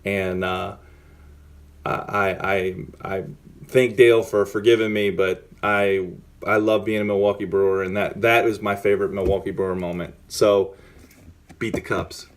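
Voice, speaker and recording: Excited man retelling a baseball memory. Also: deep voice, normal speed. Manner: excited, many restarts and repeated words. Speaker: former pitcher telling a story. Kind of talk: casual storytelling.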